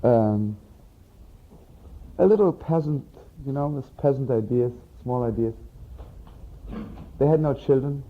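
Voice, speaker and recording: A man tells teaching stories in a loose, chatty sermon style, tossing in "you know" and chuckling as he goes. His voice sits at an ordinary middle pitch. The recording is thin and tinny, like an old phone-line tape. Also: a little slow, pauses often, a little hiss or hum. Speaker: rabbi and storyteller. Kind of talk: sermon storytelling.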